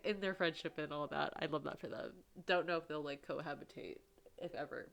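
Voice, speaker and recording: A woman's voice: low voice, fairly quick, vocal fry. Gushing woman playing a story game. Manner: gushing, excitable, laughing reactions. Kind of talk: let's play commentary.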